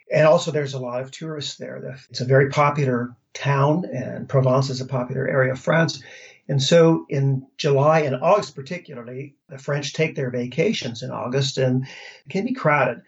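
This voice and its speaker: Guest, American man, easygoing storyteller, mid pitch, slightly muffled lo-fi audio. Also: moderate pace, creaky. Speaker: interview guest. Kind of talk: casual conversation. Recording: slightly dull lo-fi sound.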